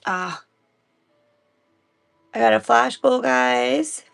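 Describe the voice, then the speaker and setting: On a livestream, a woman from Missouri, United States, reads the Bible in a chatty, casual way and stops now and then to talk with her viewers. Her voice sits on the high side and is a bit bright, with vocal fry, and she speaks extremely slowly.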